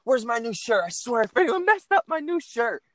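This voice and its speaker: Man mimicking an angry young guy, high and shrill, yelling in outrage. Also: sing-song, fairly quick, no echo, clean studio sound, heavily acted. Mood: outraged.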